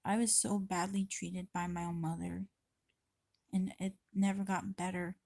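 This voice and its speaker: A woman talks straight into her camera mic in a rambling confessional vlog. Her delivery stays flat and even, with little rise and fall, and the sound is dry and close. She swears freely and keeps stopping to restart her thoughts. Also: fairly low pitch, measured pace, gravelly, no echo. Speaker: vlogger.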